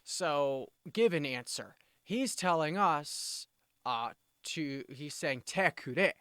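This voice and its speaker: A man teaching vocabulary in a relaxed, explanatory way, restating points and acting out quick example phrases. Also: a little high, clean tone, dry recording, studio quality. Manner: explanatory, self-correcting, with brisk demonstrations. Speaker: language teacher. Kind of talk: casual spoken lesson.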